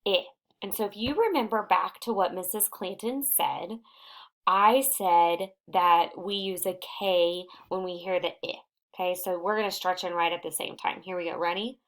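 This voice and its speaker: A woman reading teacher giving a recorded phonics lesson to young children, sounding out words slowly and patiently. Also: on the low side, fairly bright tone.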